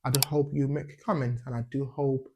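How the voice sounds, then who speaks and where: A man's voice: medium pitch, little pitch movement, fairly quick, background noise. A man teaching an English pronunciation lesson, repeating sounds as drills and checking in with a questioning "yeah?" after each point.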